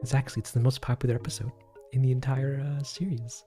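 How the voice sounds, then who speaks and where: A man's voice: medium pitch, level tone, normal speed, pauses often, warm tone, no echo, soft background music. A man chatting casually on a livestream to his viewers, rambling, giggling and poking fun at himself as he answers comments. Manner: rambling, giggly, self-deprecating.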